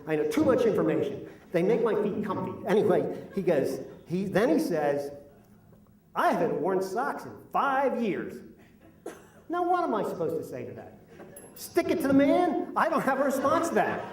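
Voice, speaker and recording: A middle-aged man with a high, somewhat dark voice performs a complaining, self-mocking comic tale at a live story slam. He's captured by a distant mic, and the venue's hall sounds roomy.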